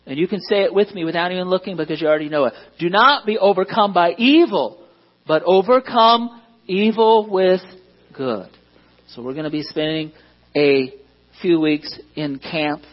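Husky, joking pastor preaching. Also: male voice, a little high, muffled recording. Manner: conversational, self-deprecating humor, asks the congregation questions. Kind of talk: sermon.

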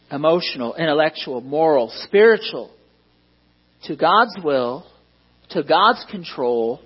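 A man's voice: a little high, breathy edge, muffled recording. A man preaching a sermon as pastor, conversational and self-deprecating, often asking the congregation questions.

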